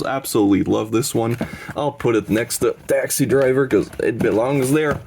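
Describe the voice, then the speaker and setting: A man's voice: mid-range voice, vocal fry, a little mellow, slight background noise. A man with a sniffly voice from allergies, rambling casually and enthusiastically through his film collection, swearing when he gets heated. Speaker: horror film collector and channel host. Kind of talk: casual collection showcase vlog.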